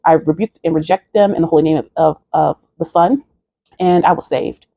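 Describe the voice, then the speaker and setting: This video creator's voice is low, gravelly and dark, brisk in pace with fairly even intonation and no echo. Recounting a dream earnestly in a spiritual vlog, she preaches and urges her listeners toward faith.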